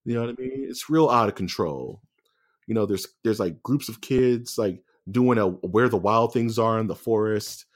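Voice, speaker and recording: A man with a fairly low voice chats casually as a podcast co-host. He talks in an animated, joking way, tossing in quick asides. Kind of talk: casual chat.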